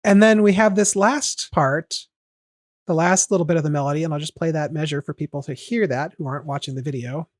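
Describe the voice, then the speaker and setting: A man's voice: fairly high pitch, a little fast. A man hosting a podcast, walking step by step through a song's melody in casual, analytical talk. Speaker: podcast host. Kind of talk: casual music analysis chat.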